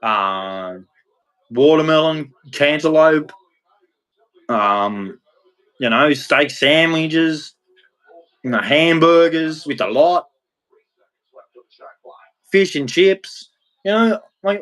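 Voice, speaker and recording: A man's voice: a little high, lively intonation, slow, pauses often, fairly bright tone. An Australian man in his thirties ranting bluntly and heatedly in a casual monologue, swearing freely. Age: 30s. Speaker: vlogger.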